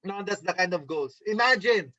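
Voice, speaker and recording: A man's voice: high voice, animated, normal speed, pushed and bright, no echo, highs cut off. A man giving a motivational training talk over a video call, upbeat and coaxing, often checking in with "okay?". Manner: mimics gloomy voices to make a point. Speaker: network marketing trainer. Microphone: video call microphone.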